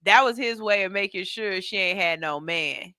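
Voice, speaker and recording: A man's voice: high-pitched, normal speed, pushed and bright, clean tone, no room sound, studio quality. A man hosting a radio show, casually reacting to comedy clips and repeating himself for emphasis.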